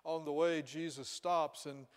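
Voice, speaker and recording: Man preaching a slow sermon, church hall reverb. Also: a little high, fairly even intonation, smooth. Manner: storytelling, questioning the listeners.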